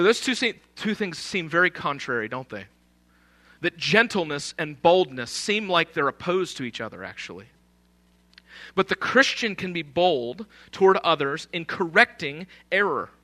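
A man's voice: fairly high pitch, big pitch swings, a little slow, pushed and bright. A man preaching a sermon in an emphatic, conversational way, often posing rhetorical questions.

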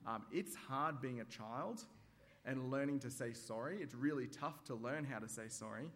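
Male preacher, church sermon, measured delivery, many ums and uhs, mid-pitched voice. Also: fairly bright tone. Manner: demonstrative, acts out examples. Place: church service.

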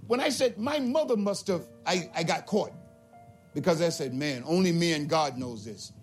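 A man with a high voice tells his testimony as a vivid story. He acts out the voices in it, rising high when excited and dropping low and slow when solemn. Soft music plays faintly behind him. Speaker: testimony speaker. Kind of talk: spoken testimony.

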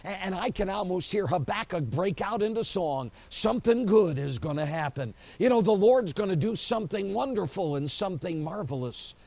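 A man's voice: high-pitched, animated, fairly quick, few pauses, a little mellow, dry recording. A man preaching a sermon as pastor at an evening church service, telling the story with animation and acting out quotes, with many "you know" fillers.

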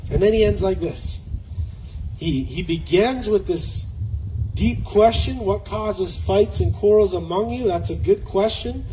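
A man preaching a sermon in an earnest way, slowing down to read scripture aloud and often restarting words. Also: high-pitched, mellow, slight background noise, low-quality recording.

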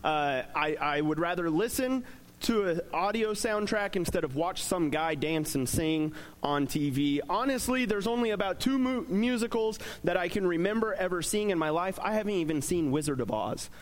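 A man's voice: high-pitched, normal speed. A young man giving a casual, joking sermon as a pastor, talking conversationally with plenty of fillers.

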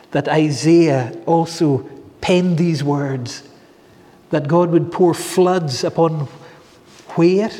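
A man's voice: on the high side, darkish tone. Earnest preacher, man, echoing church. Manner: earnest, repetitive, building phrases. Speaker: pastor. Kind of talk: sermon.

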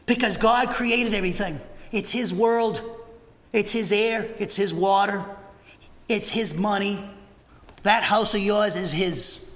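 A man preaching a sermon, animated, swinging between raised, shouting passages and hushed asides. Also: sits high. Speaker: pastor. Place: church sanctuary. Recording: reverberant church sanctuary.

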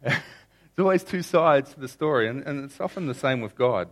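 A man's voice: medium pitch, animated, normal speed. A man preaching a sermon in a conversational way, stumbling over restarts and repeating key lines. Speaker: pastor.

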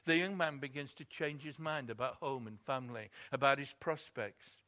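A man's voice: mid-range voice, moderate pace, pushed and bright. A man preaching a sermon, telling a story expressively and building emphasis on key points.

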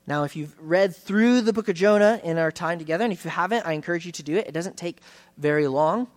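A pastor giving an earnest, conversational sermon in a church, often restarting phrases and slowing down on key words. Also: male voice, a little high. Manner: earnest, conversational preaching with frequent restarts and slowed emphasis.

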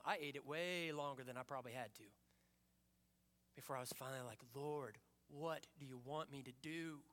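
A man preaching a sermon with passion, rising to urgent peaks and dropping to hushed, quiet stretches. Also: fairly high pitch. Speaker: pastor.

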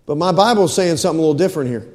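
Preacher, high voice, reverberant church. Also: male voice, lively intonation, rapid-fire, darkish tone. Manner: preachy, asks the congregation questions, repeats phrases. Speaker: pastor. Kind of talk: sermon.

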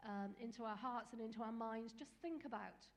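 A woman's voice: on the high side, brisk. Earnest woman preacher in a reverberant church. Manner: earnest, encouraging, with small fillers. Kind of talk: sermon.

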